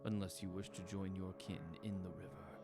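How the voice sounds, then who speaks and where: A man voicing a solemn ancient male ferryman of the dead, speaking slowly and formally. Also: low voice, flat delivery, music in the background, natural voice. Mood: grave. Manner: slow, grave and formal.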